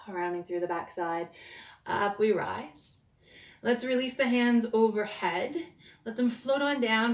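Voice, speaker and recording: A woman leads a short yoga class in a soft, soothing voice, pacing her cues slowly. Her voice sits at an everyday middle pitch. It comes from a little distance, with the echo of a bare room around it. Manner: gentle, soothing cues, slowing down. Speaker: yoga instructor. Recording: echoey room, distant mic.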